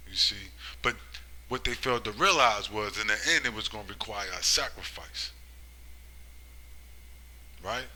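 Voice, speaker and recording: A man delivers a rambling, preaching monologue in a bright, forceful voice. He keeps prodding his listeners with "right?" and "you see?", and his level swings from loud emphatic bursts to low muttering. He slows right down when he reads scripture. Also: a little hiss or hum, poor audio. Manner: slow, drawn-out scripture reading. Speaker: religious commentator.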